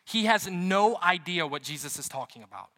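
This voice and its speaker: A man's voice: sits high, lively intonation, normal speed, bright, forceful tone. A man preaching a sermon as pastor, chatty and storytelling, with emphatic repetition. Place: church. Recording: reverberant hall.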